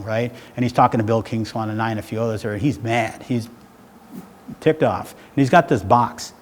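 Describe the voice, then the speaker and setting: A man's voice: mid-range voice, a little mellow. A middle-aged man gives a public talk in a loose, conversational storytelling way, often tossing in "right?" His voice sits in a middle register. A long hall reverb trails behind him, over a faint background hiss. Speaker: speaker giving a public talk. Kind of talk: rambling spoken storytelling.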